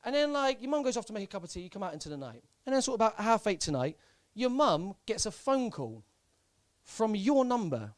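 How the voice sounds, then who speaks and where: A young man from Southampton, doing stand-up on a club stage. He talks in a fairly high, very lively voice, deadpan and halting, and he repeats his lines. The sound is close and dry through a handheld mic. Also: dry recording. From Southampton, England. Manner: deadpan, hesitant delivery with many fillers and repeats. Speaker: stand-up comedian. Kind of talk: live stand-up set.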